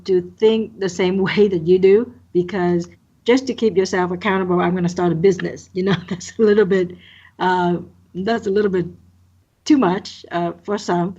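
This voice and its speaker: A woman's voice: medium pitch, steady tone, normal speed, darkish tone. A woman hosting a podcast interview, asking curious follow-up questions. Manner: inquisitive, light laughter. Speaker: podcast host. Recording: muffled lo-fi audio.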